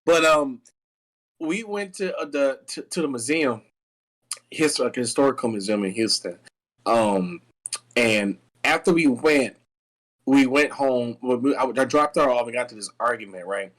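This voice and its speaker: A young man telling a long personal story in casual chat, rambling and restarting often, animated. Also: mid-range voice, unhurried, poor audio. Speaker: guest.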